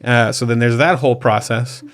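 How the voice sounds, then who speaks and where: A man's voice: mid-range voice, steady tone, moderate pace. A man hosting a podcast in casual comedic chat, rambling and laughing as he tells a story. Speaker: podcast host.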